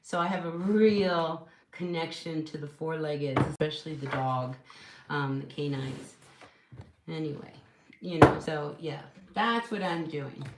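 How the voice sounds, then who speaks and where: A woman's voice: deep voice, a little slow. A woman hosting a casual live tarot reading at home, chatty and encouraging, with lots of "you know" fillers. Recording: echoey room with steady noise.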